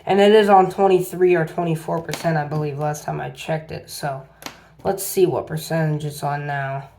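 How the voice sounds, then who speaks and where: A man's voice: on the high side, steady tone, normal speed, creaky, darkish tone, slight background noise. Man rambling through a gadget review. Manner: rambling, repeats "as you can see". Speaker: tech reviewer. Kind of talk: casual product review vlog.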